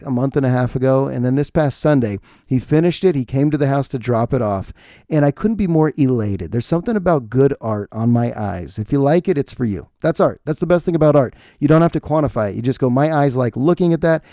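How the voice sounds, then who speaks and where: Male podcast host, forties, gravelly and mellow, rambling casual monologue, dry close sound. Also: mid-range voice, dry recording. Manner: rambling, chatty and self-deprecating.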